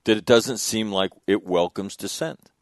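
A man's voice: fairly low pitch, normal speed, dry recording, clean studio sound. A man hosting a talk radio panel, emphatic and profane, often stacking repeated words as he pushes a point. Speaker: radio show host. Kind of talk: casual panel discussion.

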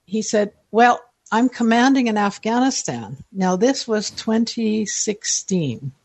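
A woman's voice: medium pitch, lively intonation, slow pace, darkish tone, dry recording. A woman in her seventies, a guest telling long rambling stories in casual interview chat, chatty and self-deprecating. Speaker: listener guest.

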